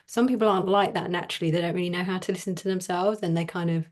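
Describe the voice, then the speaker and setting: A middle-aged woman business coach chatting in an interview, animated and laughing often. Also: fairly low pitch, rapid-fire. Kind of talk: casual interview conversation.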